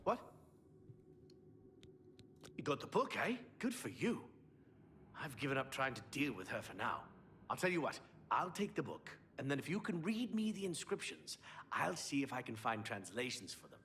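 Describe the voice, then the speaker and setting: A man's voice: mid-range voice, big pitch swings, moderate pace, pauses often, a bit bright, slight background noise. An actor playing a male mage scholar in a video game, earnest and a little weary as he studies a strange relic. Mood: eager.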